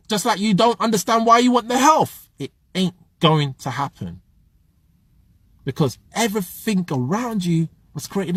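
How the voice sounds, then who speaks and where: A man hosts a motivational livestream, speaking with passion and conviction. His voice sits high, and the sound is close and dry, with no room around it. He moves between preaching and reading viewers' comments aloud. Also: dry recording. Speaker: motivational live streamer.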